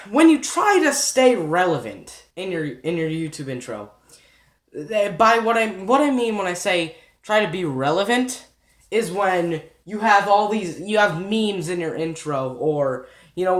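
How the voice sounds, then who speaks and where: A young YouTube commentator ranting in an exasperated, sarcastic and rambling way, often restarting sentences. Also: medium pitch. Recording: echoey room.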